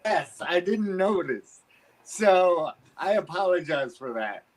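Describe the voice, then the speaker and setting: A man's voice: sits high, very animated, slow. A man doing stand-up as a guest comedian, with dry self-deprecating jokes and hesitant fillers.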